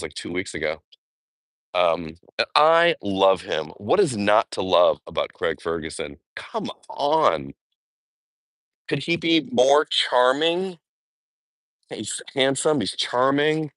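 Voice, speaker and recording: A man's voice: deep voice, sing-song, moderate pace, fairly bright tone, no echo. A man chatting casually on a live walking vlog outdoors in a park, rambling with fond asides. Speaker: vlogger.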